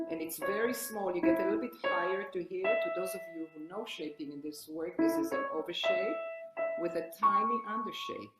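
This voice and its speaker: Older woman, piano teacher, lowish voice, halting explanations, echoey room, loud piano behind. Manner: explains while playing, halting restarts. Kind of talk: piano lesson demonstration. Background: piano playing.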